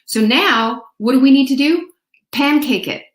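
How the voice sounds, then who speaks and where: A woman hosts a motivational talk in a fairly high, lively voice, playful and chatty as she calls her viewers girlfriends. She sings short snippets and mimics voices. The sound carries a clear room echo. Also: measured pace. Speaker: host.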